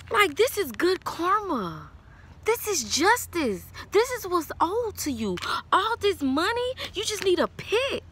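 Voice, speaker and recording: A woman's voice: very high voice, bright, forceful tone. A woman giving a tarot reading in a casual vlog, talking bluntly with lots of swearing, scolding and then reassuring. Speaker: tarot reader.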